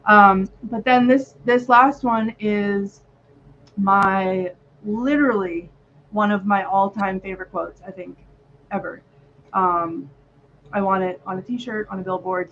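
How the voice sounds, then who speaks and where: Gushing woman co-host, slightly muffled. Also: mid-range voice. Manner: gushing, rambling with many "um"s. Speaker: podcast co-host. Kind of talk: casual chat. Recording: slightly muffled with faint noise.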